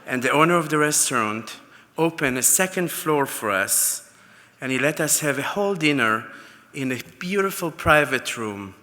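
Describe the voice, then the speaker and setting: A man gives an acceptance speech, spinning anecdotes with fillers and stumbling restarts. His voice sits fairly high and very bright, almost piercing. It rings with the long reverb of a large banquet hall. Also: animated, moderate pace. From Israel. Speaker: award recipient.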